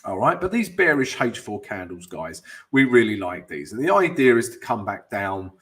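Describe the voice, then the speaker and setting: A man's voice: on the low side, very animated, moderate pace. A man with a cold hosting a live trading stream, chatty and upbeat, greeting viewers by name and adding self-mocking asides while walking through charts at his desk mic. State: has a cold. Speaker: forex trading host. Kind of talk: livestream trading talk and chart walkthrough.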